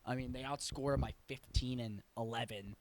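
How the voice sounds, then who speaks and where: A man's voice: medium pitch, fairly even intonation, normal speed. A man hosting a sports show, giving blunt, opinionated, rambling commentary full of self-corrections in a casual tone.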